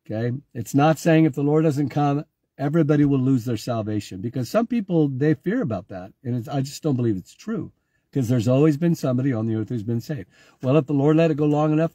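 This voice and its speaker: A man's voice: mid-range voice, animated, fairly quick, warm tone, husky, no room sound. A man giving an informal online sermon, talking conversationally, repeating himself and calling on viewers by name. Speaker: pastor.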